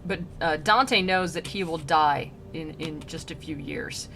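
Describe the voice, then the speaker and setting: Soft music plays behind a young female streamer who chats her way through a classic poem, paraphrasing lines in slang as she crafts and laughing often. She speaks at a measured pace in a low, slightly bright voice with vocal fry.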